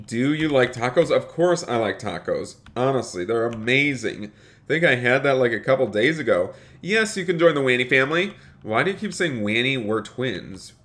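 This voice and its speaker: A man's voice: medium pitch, sharp tone. A young man live-streaming a game, upbeat and chatty, reading viewer messages aloud and thanking them by name.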